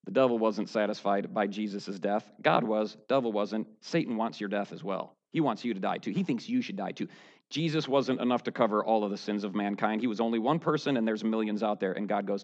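A man preaching a sermon, going from low, quiet talk up to loud, shouted high points. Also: brisk, muffled recording. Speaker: pastor.

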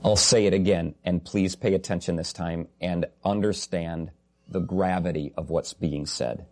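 A man's voice: low-pitched, fairly even intonation, moderate pace, a little mellow. A man preaching a sermon earnestly and emphatically, repeating key phrases and slipping in humorous asides.

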